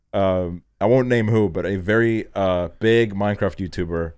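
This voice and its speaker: A young Estonian man hosts a podcast, chatting casually in a low, unhurried voice with a clear, resonant tone. He swears a lot and gets animated when he playfully quotes himself. The recording is dry and studio quality.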